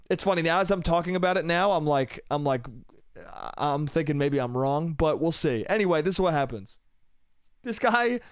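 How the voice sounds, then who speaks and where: A young man with a high voice hosts a solo comedy podcast, spinning a profane, exasperated rant and slipping into voices for the people he quotes. He speaks right into a close mic in a dead, dry room. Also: clean tone, no echo. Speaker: podcast host.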